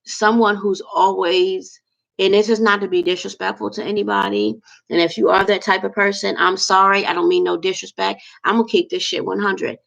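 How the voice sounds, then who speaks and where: Woman livestreamer, gravelly voice, blunt unfiltered rant full of fillers, dull lo-fi sound. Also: mid-range voice, brisk, a bit bright. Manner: blunt, candid, rambling with fillers.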